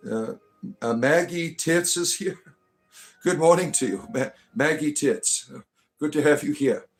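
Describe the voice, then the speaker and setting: A man of middle pitch hosts a casual livestream as a self-styled bard. He rambles, greets viewers one by one and keeps tagging on "right?". Soft music plays faintly behind him. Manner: irreverent, swears casually.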